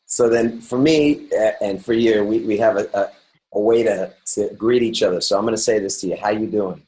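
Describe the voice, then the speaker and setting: A podcast host, a middle-aged man from New York, rambles cheerfully through a casual interview, restarting often and using plenty of fillers. He has a lowish, mellow voice and a brisk delivery, captured in poor audio.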